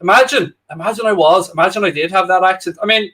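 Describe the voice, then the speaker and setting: A young Irishman co-hosts a live football watchalong, reading out viewer comments and joking with his audience in a loose, chatty way. His voice is high, bright and forward, and he talks fast.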